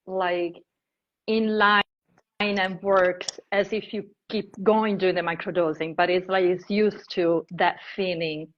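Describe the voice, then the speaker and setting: Woman, Italian accent, interviewer, lively stop-start phrasing, slightly dull lo-fi sound. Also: on the low side, slight background noise. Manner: animated, halting, many restarts and "like" fillers. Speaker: interviewer, host. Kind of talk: casual interview chat.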